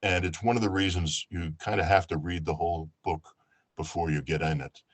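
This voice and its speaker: A man from New York, an audiobook narrator, talking casually over a video call in a relaxed, chatty way. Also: sits low, a little fast, no room sound. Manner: relaxed, chatty, with fillers and restarts.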